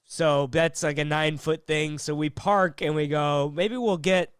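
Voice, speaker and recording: A comedian telling a rambling road story in casual chat, full of fillers and acted-out quotes. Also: male voice, a little high, fairly even intonation, a little slow, clear, resonant tone, no room sound, clean studio sound.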